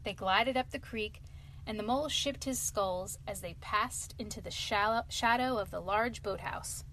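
A woman's voice: mid-range voice, normal speed, pushed and bright, slight background noise. Woman reading a bedtime story. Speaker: storyteller host.

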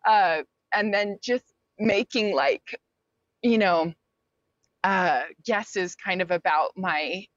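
A woman's voice: medium pitch, slow, no echo. Candid woman telling her story, lo-fi. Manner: candid, with many fillers and quoted asides. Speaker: interview guest. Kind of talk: personal storytelling in an interview. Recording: dull, lo-fi sound.

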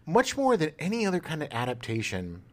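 Animated, jokey male podcast co-host. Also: fairly high pitch, fairly quick. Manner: rambling and jokey, with animated tangents. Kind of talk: casual chat.

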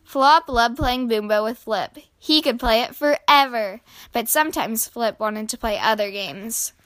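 A woman who hosts a children's channel, reading a picture book aloud slowly, clearly and gently. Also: a little high, no echo. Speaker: children's story reader. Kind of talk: storybook read-aloud.

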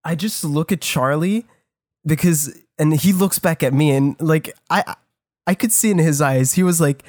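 A man's voice: fairly high pitch, lively intonation, normal speed, a little mellow, no room sound, clean studio sound. Rambling swearing man. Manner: rambling with frequent restarts and swearing. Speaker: podcast co-host. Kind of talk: casual storytelling.

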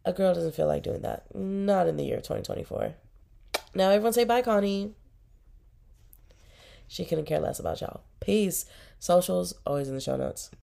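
A woman's voice: lowish voice, lively intonation, normal speed, gravelly, long pauses, warm tone. A young woman hosting her own casual video podcast while sick, rambling and giggly, with lots of "like". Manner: giggly, rambling storytelling full of "like". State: sick with a cough. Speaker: podcast host.

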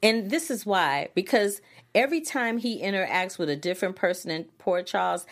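A woman co-hosting a casual podcast chat about a soap opera, animated and quick to laugh. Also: medium pitch. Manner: animated, laughing, drawn-out reactions. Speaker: podcast co-host.

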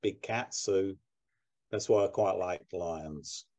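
A British man co-hosting a podcast in casual chat, talking slowly and wryly with chuckles. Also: sits low, a little mellow. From Britain. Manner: slow, wry, chuckling. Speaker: podcast co-host.

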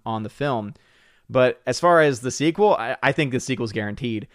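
A man hosting a live stream, chatting casually with viewers in an excitable way and often repeating words as he hurries on. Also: mid-range voice, no room sound, studio quality. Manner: excitable, repeats words while rushing to the point. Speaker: live stream host reading viewer chats.

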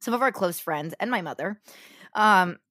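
A young woman co-hosting a podcast, animated and jokey in casual chat. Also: mid-range voice. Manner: animated, fast-talking, jokey. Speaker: podcast co-host.

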